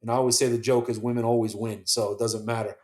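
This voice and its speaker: A man's voice: medium pitch, little pitch movement, fast talker. A middle-aged American man, a police officer, earnestly recounting a harrowing survival story in an interview. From United States. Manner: earnest, quiet recounting with quoted dialogue. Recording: roomy echo.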